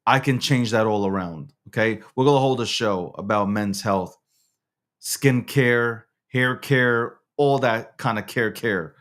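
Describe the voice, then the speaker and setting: Profane, rambling male show host. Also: measured pace. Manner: rants loudly with sharp pitch jumps. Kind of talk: casual livestream show.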